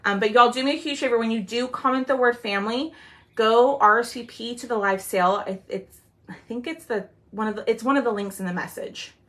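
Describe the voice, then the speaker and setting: A woman with a fairly high, fairly bright voice talks casually with viewers as she demonstrates a craft in a live sale. Her livestream chatter is full of "um"s and long, drawn-out "y'all"s.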